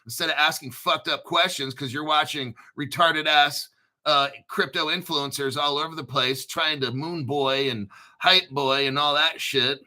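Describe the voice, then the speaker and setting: A foul-mouthed man in his fifties hosting a crypto livestream with a rambling, ranting delivery. His voice is somewhat high for a man and has a piercingly bright, tense edge. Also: steady tone, measured pace. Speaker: crypto channel host. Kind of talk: profane livestream rant.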